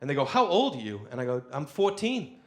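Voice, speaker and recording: A man's voice: mid-range voice, brisk, a little hiss or hum. A man on stage telling a long comic story to a live audience, acting out the voices of the people in it. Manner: animated, acts out voices of people in his story. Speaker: stand-up comedian. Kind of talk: stand-up storytelling.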